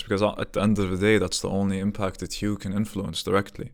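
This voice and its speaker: Gravelly deep-voiced man musing aloud. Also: flat delivery, quick pace, hardly any pauses. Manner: rambling, thinking aloud with many restarts and rhetorical questions. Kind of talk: casual reflective monologue.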